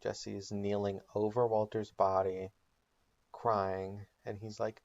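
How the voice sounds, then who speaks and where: A man's voice: on the low side, level tone, takes it slowly, creaky, a little mellow, lo-fi sound. A man telling a comedic made-up recap of a TV show in a casual storytelling way with ums and likes. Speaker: channel host.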